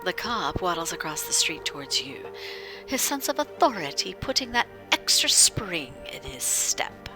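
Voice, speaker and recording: A woman game master giving whispered role-play narration in hushed, suspenseful tones and talking with her viewers. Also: on the low side, very animated, normal speed. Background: music.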